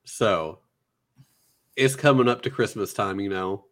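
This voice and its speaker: A man co-hosting a casual podcast, retelling a film with lively acted-out quotes. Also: fairly low pitch, a little slow, long pauses. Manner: animated storyteller, jumps into character voices. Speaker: podcast co-host.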